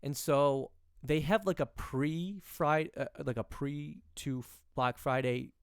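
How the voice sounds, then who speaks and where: A man's voice: a little high, takes it slowly, smooth, no echo, clean studio sound. A young man co-hosting a podcast, telling a rambling story in casual chat and acting out the people in it. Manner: rambling, restarts, acts out quoted people. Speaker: podcast co-host.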